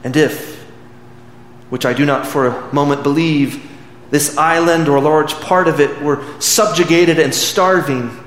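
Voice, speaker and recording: A man voicing an elderly wartime prime minister, gruff and resolute, in rousing, deliberate oratory. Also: a little high, a bit bright. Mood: solemn, rousing. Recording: echoey hall with faint background noise.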